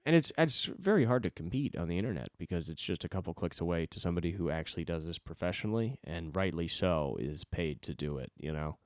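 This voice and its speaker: A man's voice: low voice, lively intonation, quick pace, few pauses, clean tone, no room sound, studio quality. A man, a stand-up comic and podcast host, rambling alone at a desk in a loose, self-deprecating way and swearing freely. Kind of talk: solo rambling podcast monologue.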